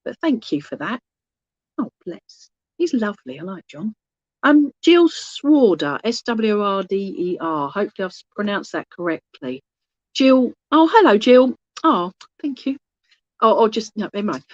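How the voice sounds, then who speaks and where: A woman's voice: medium pitch, animated, normal speed, no room sound, highs cut off. A woman working as a medium in an online service, chatty and rambling, often losing her thread and restarting, with affectionate asides to her listeners. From England. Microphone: phone held in hand.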